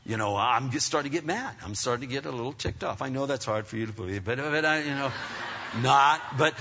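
A middle-aged man preaching through a personal story, rambling and animated with many restarts. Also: mid-range voice, moderate pace, a little hiss or hum. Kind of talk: sermon storytelling. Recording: dull, echoey hall sound.

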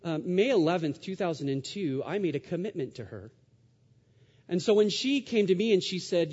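A man delivers a sermon in a fairly high, mellow voice, pressing his points with rhetorical questions and repetition. His words ring out with a long reverb, as in a large church sanctuary. The sound is a little dull and muffled. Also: lively intonation, brisk, husky. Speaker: pastor.

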